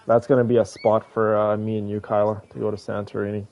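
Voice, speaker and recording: A man streaming a game, chatting casually and rambling to his viewers in a relaxed way. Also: fairly low pitch, fast, vocal fry. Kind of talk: casual chat with viewers while gaming.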